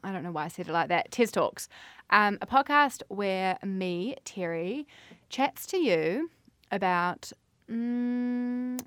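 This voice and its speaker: A woman's voice: mid-range voice, a bit bright, smooth, no echo. Rambling woman in her twenties, dry. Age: 20s. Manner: rambling, self-deprecating, swears. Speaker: podcast host. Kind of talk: solo podcast monologue.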